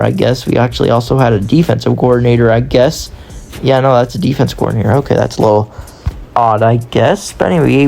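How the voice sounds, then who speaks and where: A man's voice: medium pitch, gravelly, a little mellow. A man giving casual, rambling commentary on a football video game, with a voice strained from long recording and self-deprecating asides. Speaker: gaming YouTuber.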